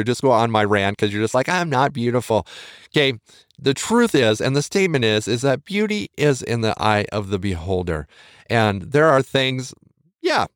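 A man hosts a motivational podcast in an earnest, coaxing tone, often restarting his sentences as he goes. His voice sits at an ordinary middle pitch. The recording is dry and close, with no room sound. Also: no room sound. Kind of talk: encouraging podcast talk.

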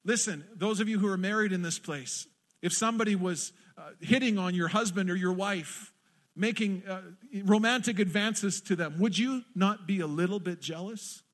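Man, pastor, high voice, impassioned sermon, church congregation. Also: moderate pace, a bit bright. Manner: impassioned preaching, acting out quoted prayers.

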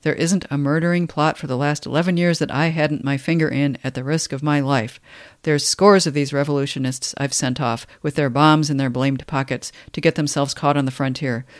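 A man's voice: a little high, fairly even intonation, fairly quick, dry recording, clean studio sound, lightly acted. A man reading a boorish, self-pitying husband. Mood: grumbling.

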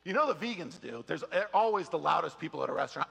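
Middle-aged pastor guy preaching loose and jokey, high-ish voice, lots of rasp. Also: long reverb tail. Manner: animated, joking, mimics people in quick asides. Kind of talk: conversational sermon.

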